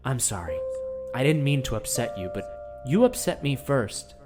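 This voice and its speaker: A man hosting a scripted comedy audio piece, earnest and gently idealistic. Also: medium pitch, very animated, normal speed, over music. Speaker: host.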